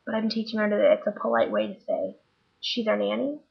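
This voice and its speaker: A woman's voice: medium pitch, very animated, fast, vocal fry, muffled recording. A woman working as a nanny, chatting wryly in a vlog about her day, worn out and tired. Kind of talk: casual vlog storytelling.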